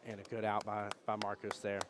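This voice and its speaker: A man giving jokey, animated live commentary on a pool tournament and reading chat comments aloud. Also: on the low side, fairly quick, background noise. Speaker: pool match commentator and streamer. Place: pool hall during a tournament.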